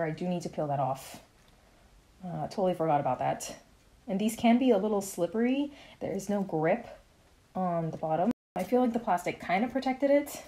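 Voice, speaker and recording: A young adult woman chatting casually in a haul vlog, rambling and excitable as she shows her shoes. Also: lowish voice. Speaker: vlogger.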